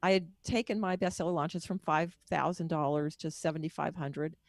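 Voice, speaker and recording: A middle-aged woman guest speaks candidly and at length, her voice gravelly with plenty of fry. The sound is close and dry, with no room echo at all. Her storytelling is personal and wanders from point to point. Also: low voice, fairly even intonation, normal speed. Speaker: guest author and book marketing coach. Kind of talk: candid podcast interview storytelling.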